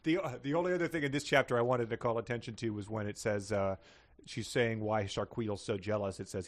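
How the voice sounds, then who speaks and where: A man's voice: on the low side, fast, no echo. A man co-hosting a comedy podcast, mocking a book with wry asides and laughs as he reads passages aloud. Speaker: podcast co-host.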